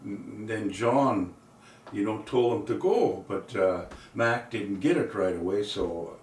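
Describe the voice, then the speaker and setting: An older man telling a folksy story in a rambling, unhurried way, filling gaps with "you know" and "uh", heard from a distant mic in an echoey room with faint accordion behind. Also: fairly low pitch, a little mellow. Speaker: storyteller and singer.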